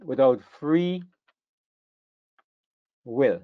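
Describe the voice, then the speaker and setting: A man's voice: mid-range voice, animated, extremely slow, dry recording, narrow, tinny audio. An older man teaches a Bible class in an earnest way, often repeating words as he thinks.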